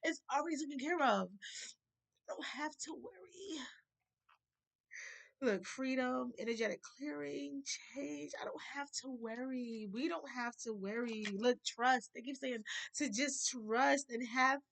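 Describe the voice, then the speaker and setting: A woman's voice: high voice, unhurried, gravelly, fairly bright tone. A woman talking in a casual spiritual vlog, earnest and emotional, near tears at moments. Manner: emotional, earnest, heartfelt, at times tearful. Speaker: spiritual vlogger.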